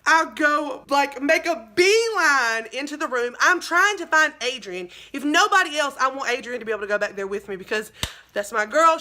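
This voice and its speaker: A woman's voice: fairly high pitch, sharp tone. A young woman telling a storytime vlog, chatty and dramatic, calling her viewers y'all. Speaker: vlogger.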